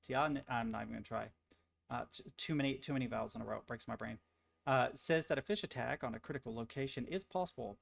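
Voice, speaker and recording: A man's voice: medium pitch, vocal fry. A young man streaming, chatting casually and reacting to articles, swearing freely and rambling through stories. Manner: profane, rambling, easily amused.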